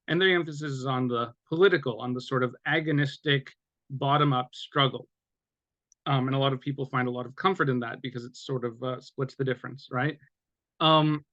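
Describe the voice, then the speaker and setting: A man's voice: mid-range voice, a bit bright, dry recording. Academic author, male, hesitant and wordy, dry muffled recording. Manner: hesitant, many fillers and restarts. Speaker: author discussing his book. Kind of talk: academic conversation.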